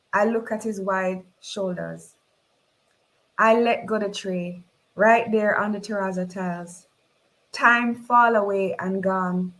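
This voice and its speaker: Woman, jamaican accent, dramatic novel reading, expressive, mid pitch. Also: low-quality recording. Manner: expressive, voices the characters in dialogue. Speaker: reader.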